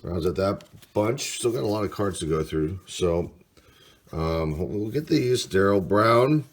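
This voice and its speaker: A low-pitched man with lively intonation hosts a casual card-opening video. Unhurried and mildly enthusiastic, he calls out player names as each card appears.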